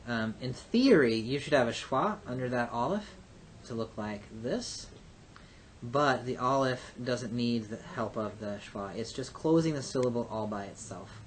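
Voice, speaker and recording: A man with a voice of middling pitch gives a recorded language lecture. He works through each rule step by step, pausing often on uh and um. A faint low rumble sits under the recording. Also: animated. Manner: methodical, explains step by step with frequent uh and um. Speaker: Hebrew teacher.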